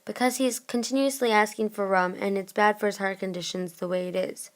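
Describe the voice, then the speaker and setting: A woman's voice: medium pitch, steady tone, brisk, lightly acted. Polite, concerned doctor, voiced by a woman; storybook reading. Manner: polite, formal.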